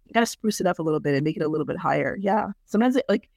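A woman co-hosting a podcast in casual chat, telling stories in a chatty way with lots of fillers; her voice can run a little deep. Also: animated, rapid-fire, creaky, darkish tone, no echo, studio quality. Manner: chatty, leans hard on "like", storytelling. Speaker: podcast co-host.

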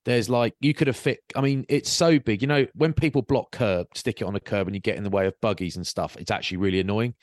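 A man's voice: on the low side, quick pace, few pauses, no echo. Chatty man on a dry call. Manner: animated storyteller, acts out quotes. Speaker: podcast co-host. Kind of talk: casual chat. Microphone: video call.

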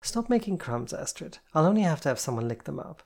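A reader voicing Jen, a stern, teasing woman disciplinarian who talks in a brisk, bossy, mockingly patient way. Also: mid-range voice, very animated, gravelly, darkish tone, pitched above the performer's own voice. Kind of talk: audiobook character voice.

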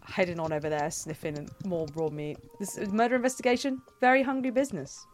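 A woman's voice: mid-range voice, steady tone, quick pace, a little hiss or hum. A woman narrating a tabletop role-playing game as game master, chatty, with fillers and self-corrections.

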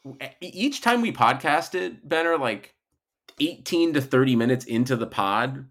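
A man co-hosting a casual podcast, rambling and animated. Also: mid-range voice, a little slow. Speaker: podcast co-host. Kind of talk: casual chat.

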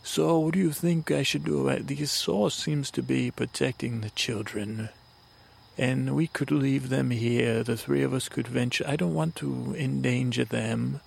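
A man hosting a podcast, telling an improvised bedtime story in a halting, rambling way full of fillers and restarts. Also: mid-range voice, fairly even intonation, vocal fry, breathy edge. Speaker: podcast host.

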